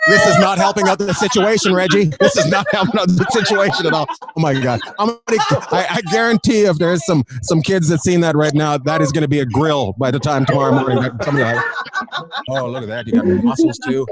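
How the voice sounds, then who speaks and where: A man doing crowd work as a comedian on a live stream, teasing people with quick banter and laughing at his own jokes. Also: a little high, sing-song. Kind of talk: crowd work with an online audience. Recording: loud background noise.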